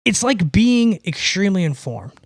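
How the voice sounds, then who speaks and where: A man hosting a podcast with a fairly high voice, talking in a loose, rambling monologue. He swears now and then and keeps checking in with "right?". The sound is close and dry. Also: big pitch swings, moderate pace, dry recording. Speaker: podcast host. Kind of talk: casual monologue.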